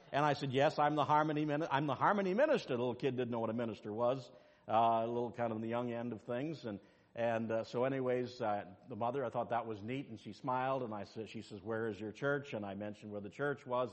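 A male pastor preaching a sermon and telling a personal story, swinging between quiet asides and loud, high-pitched exclamations. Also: quick pace. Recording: long hall reverb.

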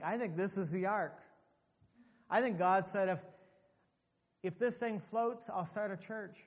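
High-voiced preacher in a reverberant hall. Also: male voice. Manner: emphatic preaching with many repeated phrases. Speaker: pastor. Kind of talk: sermon.

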